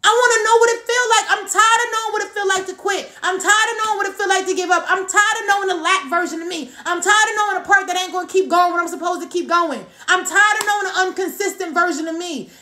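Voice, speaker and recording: A woman's voice: very high voice, quick pace, few pauses, pushed and bright, roomy sound. A woman in her thirties giving a motivational live-stream talk as a team coach. She speaks emphatically, repeats key points and greets viewers by name. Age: 30s.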